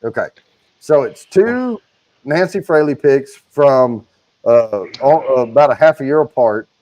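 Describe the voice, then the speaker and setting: A man's voice: medium pitch, animated, measured pace, a little mellow, highs cut off. A man co-hosting a casual livestream, chatting and running through giveaway details. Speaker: livestream co-host.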